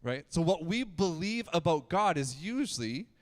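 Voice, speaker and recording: A man's voice: fairly high pitch, sing-song, normal speed. A man giving a casual youth sermon, chatty and joking, with frequent restarts and stammers. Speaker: youth pastor. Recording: long hall reverb.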